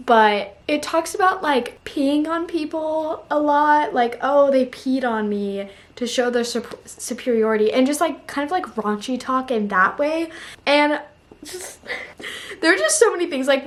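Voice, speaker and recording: A young woman talking casually about books she read, chatty and full of "like" fillers. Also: fairly high pitch. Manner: chatty, emotional, frequent "like" fillers. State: tearful, on the verge of crying. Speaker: book reviewer. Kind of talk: casual book review vlog.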